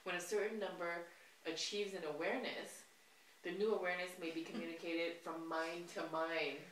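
A woman leads a casual spiritual conversation, reading aloud and breaking into laughter. Her voice sits a little low. She is recorded from a distance in a reverberant room. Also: flat delivery, normal speed, a little hiss or hum. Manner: reads aloud then chats, laughs often. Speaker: host. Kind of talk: casual spiritual chat over a meal.

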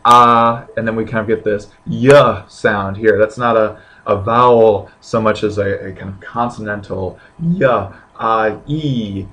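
A man teaching a casual language lesson, hesitant, full of restarts and drawn-out example sounds. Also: mid-range voice, a bit bright. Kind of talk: casual classroom lecture.

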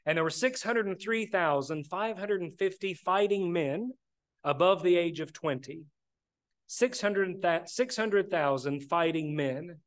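High-voiced preacher giving a sermon. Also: male voice, a little slow. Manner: plainspoken, addresses the congregation as brethren.

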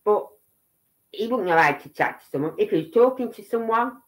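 Brisk and animated at a medium pitch, a middle-aged woman from Birmingham, England gives casual livestream commentary in a Brummie accent. She rambles on, constantly tacking on "right?" and "you know what I mean", and the audio is rough.

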